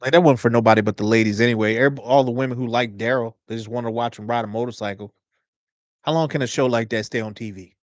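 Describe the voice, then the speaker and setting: Animated man joking on a dry livestream. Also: mid-range voice, fast talker, dry recording. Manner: animated, joking, slangy banter. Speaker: livestream host reacting to a TV episode. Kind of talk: casual reaction chat.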